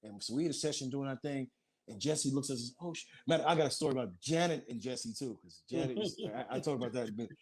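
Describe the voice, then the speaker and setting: A man casually telling stories, acting out quoted lines in a higher voice. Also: fast, darkish tone, breathy edge. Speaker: group member reminiscing. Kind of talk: casual storytelling.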